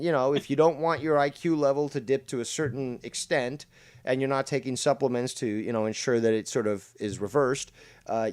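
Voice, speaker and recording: A man's voice: medium pitch, darkish tone. Blunt, profane male podcast host. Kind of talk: casual ranting podcast chat.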